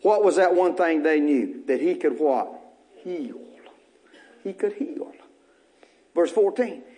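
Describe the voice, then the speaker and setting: A man's voice: a little high, lively intonation, slow pace, warm tone. A male pastor preaching a sermon, calling out questions to the congregation and repeating short phrases, with folksy joking asides.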